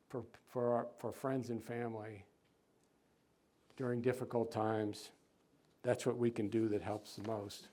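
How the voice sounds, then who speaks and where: A middle-aged man delivers a public lecture in a relaxed, conversational way, mixing fillers and small chuckles into his talk. His voice sits in a middle pitch, and he lifts it when reading quotes aloud. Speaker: author giving a museum lecture. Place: lecture hall.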